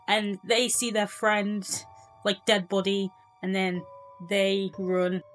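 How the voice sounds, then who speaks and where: A woman's voice: medium pitch, level tone, slow pace, faint music behind, poor audio. A young woman giving a casual movie review, chatty and incredulous, full of filler words.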